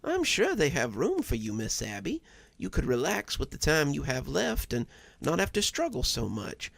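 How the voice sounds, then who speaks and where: A man voicing a polite, reclusive older widow in a storybook reading, speaking softly. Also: a little high, huge pitch swings, normal speed, gravelly, no room sound, voice pushed up, exaggerated voice.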